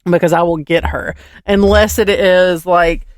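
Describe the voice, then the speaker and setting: A woman's voice: lowish voice, measured pace, no echo, clean studio sound. A woman, co-hosting a casual podcast and telling family stories with acted-out dialogue. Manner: animated storyteller, acts out dialogue; swears casually. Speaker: podcast co-host. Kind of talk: casual chat.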